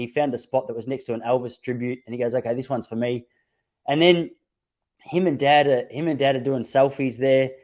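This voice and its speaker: A man talks in an easy, reflective way, often stopping and restarting his sentences as he tells a story. His voice has a warm, mellow tone, and the setting is a casual podcast conversation. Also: mid-range voice. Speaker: podcast host.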